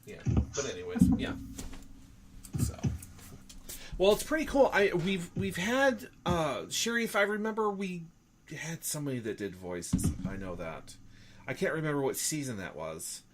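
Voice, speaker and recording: Lively-pitched rambling male host. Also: moderate pace, slight background noise. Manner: rambling, hesitant, lots of fillers and laughs. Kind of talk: casual chat.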